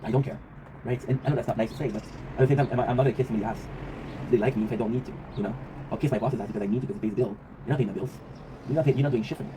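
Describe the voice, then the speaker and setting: Rapid-talking man, rambling vlog monologue. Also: medium pitch. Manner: rambling, reflective, swears freely, often tags "right?". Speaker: vlog host. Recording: noisy ambient background.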